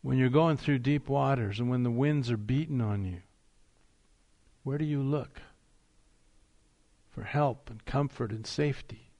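Male pastor, mid-pitched, preaching with emphatic rises and deliberate slowdowns. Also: warm tone, dull audio. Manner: emphatic preaching, rising on key phrases, slowing for weight. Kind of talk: sermon.

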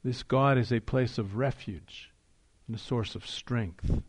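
Male pastor, mid-pitched, preaching with emphatic rises and deliberate slowdowns. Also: husky. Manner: emphatic preaching, rising on key phrases, slowing for weight. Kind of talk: sermon.

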